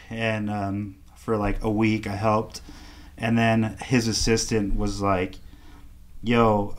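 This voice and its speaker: A man, a guest casually telling a story and acting out the other people in it. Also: lowish voice. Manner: animated storyteller acting out quoted dialogue. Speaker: podcast guest, artist.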